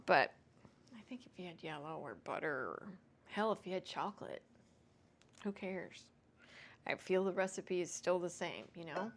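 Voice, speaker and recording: A woman's voice: on the low side, animated, moderate pace, long pauses. A woman hosting a home cooking vlog, chatting casually and self-deprecatingly to viewers as she cooks. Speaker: home cooking show host.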